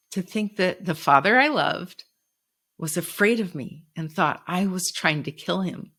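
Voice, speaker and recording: A middle-aged woman with a somewhat low voice tells a personal story on her podcast. She speaks in an earnest, reflective way. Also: a bit bright. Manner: reflective, earnest, quoting others with raised voice. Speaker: podcast host.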